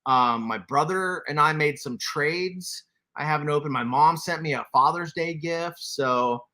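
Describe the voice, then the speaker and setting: A man's voice: fairly high pitch, unhurried, sharp tone. A man, casually hosting a toy livestream, laughing often and reading chat aloud. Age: 40s. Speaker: toy collector livestream host.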